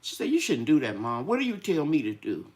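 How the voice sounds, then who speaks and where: A woman's voice: a bass voice, very animated, fairly quick, darkish tone, slight background noise. An older woman hosting a casual live-stream chat about her garden, chatty and full of stories, a little tired with draining sinuses. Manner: chatty, storytelling, acts out quoted voices. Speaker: gardening channel host.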